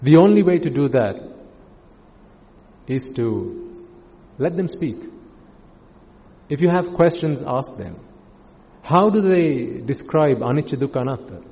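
A man, a Buddhist monk, giving a calm sermon full of rhetorical questions. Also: on the high side, unhurried, vocal fry, long pauses. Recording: muffled, with long hall reverb.

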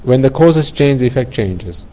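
Here a Buddhist teacher with a warm, mellow, animated voice delivers an earnest dharma talk at normal speed, his pitch at an ordinary middle level for a man. He makes his points through everyday examples, restarting and repeating phrases along the way, on a rough recording.

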